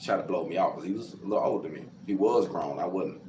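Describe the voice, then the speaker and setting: A man recounts his own life in a loose, conversational monologue, often addressing his listeners as "y'all." His voice sits a little low. The room is echoey, with faint background noise. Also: fast. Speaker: storyteller telling his own life story. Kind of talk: personal storytelling monologue.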